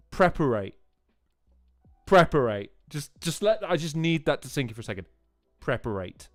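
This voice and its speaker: A man's voice: a little high, very animated, quick pace, no room sound, clean studio sound, faint music behind. A man hosting a livestream, chatting and laughing as he reacts to battle rap clips and repeats lines for effect. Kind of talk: casual livestream commentary.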